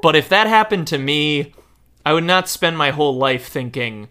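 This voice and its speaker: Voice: mid-range voice, moderate pace, pushed and bright, slight background noise. A speaker in casual conversation retelling book scenes, acting out the quoted lines and laughing mid-sentence. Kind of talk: casual book-and-movie chat.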